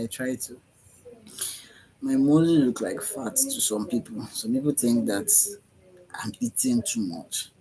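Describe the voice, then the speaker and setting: In a meandering spiritual self-talk vlog, a man speaks to camera with a warm, mid-range voice. He drifts dreamily, repeats himself and lets out sighs and yawns, and the audio is poor.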